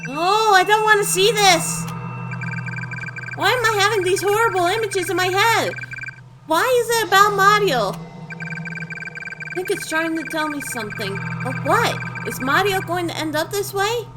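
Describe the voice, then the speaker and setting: A woman voicing Luigi as a frantic young man pleading with his brother, over loud game music. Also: animated, a little slow, background noise. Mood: frightened. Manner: high-pitched, pleading and shouting. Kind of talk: game dialogue read aloud.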